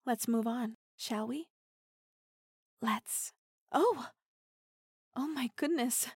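Give me a playful, dominant young woman voiced by an actress in an intimate audio role-play, with a slightly high, breathy voice. She teases slowly and giggles often, dropping into soft half-whispers close to a dry-sounding mic. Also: dry recording, full character voice. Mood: teasing. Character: playful teasing dominant female partner.

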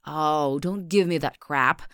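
A woman's voice: low voice, takes it slowly, a bit bright, smooth, no echo, clean studio sound. A young woman in an audio role-play, talking to the listener as an aggressive, mocking, swearing bully.

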